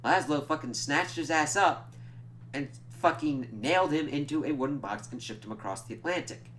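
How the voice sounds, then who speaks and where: Speaking at a normal speed in a slightly high voice, a male TV reviewer retells an episode casually. He curses freely, performs quoted lines, and fumbles his words, chuckling at himself.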